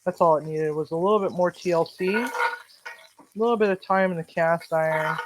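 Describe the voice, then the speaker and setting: Talking a little fast in a medium-pitched voice, the home cook behind this cooking vlog delivers a blunt, animated story with plenty of swearing. She's in her home kitchen, and there's a lot of noise in the recording.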